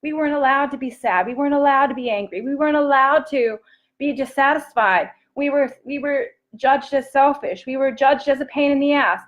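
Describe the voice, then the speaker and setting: Woman, middle-aged, gentle live-stream self-love coach, earnest and warm-hearted. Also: fairly high pitch, fairly quick, lo-fi sound. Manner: gentle, earnest, reads viewer comments aloud.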